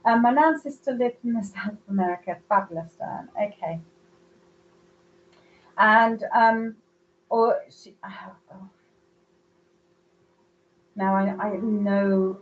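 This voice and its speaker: A woman's voice: medium pitch, steady tone, a little slow, long pauses, narrow, tinny audio, a little hiss or hum. Rambling woman medium. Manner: chatty, rambling, searching for words. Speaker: psychic medium. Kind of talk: live online reading.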